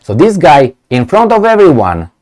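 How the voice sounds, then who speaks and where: A man's voice: on the high side, wildly swooping pitch, normal speed, a little mellow. A man giving blunt, sarcastic political commentary in a casual way, with many fillers.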